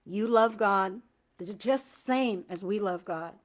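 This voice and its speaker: A woman tarot reader talking casually to her viewers about spiritual home cleansing, earnest and enthusiastic, with slangy asides and slow, heartfelt prayer recitation. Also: mid-range voice. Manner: recites prayer lines slowly with feeling. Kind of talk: casual spiritual talk to camera.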